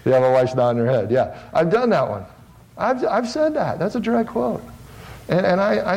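Earnest male pastor preaching to a congregation. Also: low-quality recording. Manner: earnest, self-deprecating, calls out to the congregation; swells louder and higher on exhortations, drops low and soft on reflective points. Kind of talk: sermon. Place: church sanctuary with a live congregation.

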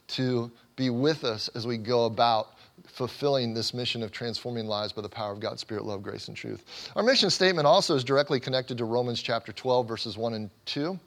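A man preaching a sermon as a pastor, earnest and emphatic, building points through repeated phrases and frequent small restarts. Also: medium pitch.

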